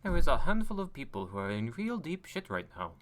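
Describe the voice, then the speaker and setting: A man chatting casually as a player in a tabletop game, joking and lively. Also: fairly high pitch, a little fast, no echo.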